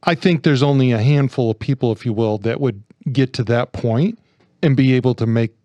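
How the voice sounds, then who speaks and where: A man co-hosting a podcast who talks thoughtfully, haltingly, and often restarts his phrases. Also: medium pitch, dark tone, no echo, muffled recording. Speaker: podcast co-host. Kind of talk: casual discussion.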